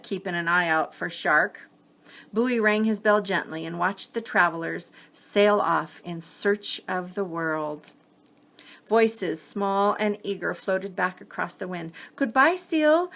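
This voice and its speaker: A woman gently and expressively reading a children's picture book aloud. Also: on the low side, steady tone, unhurried, vocal fry. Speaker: storyteller.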